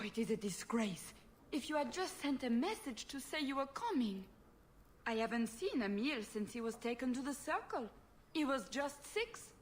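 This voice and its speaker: A woman's voice: on the high side, a little hiss or hum. An actress voicing a fussy, doting aristocratic mother in a video game, with a theatrical manner. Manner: fluttery, theatrical, self-pitying.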